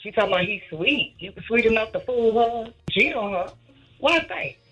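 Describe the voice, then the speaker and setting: A woman's voice: on the high side, expressive, moderate pace, fairly bright tone. Blunt woman caller on a muffled line. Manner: blunt, opinionated.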